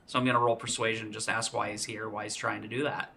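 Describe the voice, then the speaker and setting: A man's voice: fairly low pitch, flat delivery, fast, vocal fry, hardly any pauses, bright, forceful tone. A man playing a tabletop game who sounds eager and upbeat. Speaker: player. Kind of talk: casual tabletop game play.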